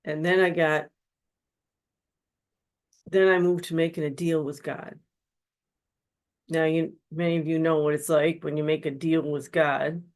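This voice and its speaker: A woman's voice: low-pitched, level tone, unhurried, long pauses, darkish tone. A woman giving an earnest personal testimony as a guest speaker at a webinar, telling her story in a confessional way. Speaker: guest speaker, spiritual counselor. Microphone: webinar microphone.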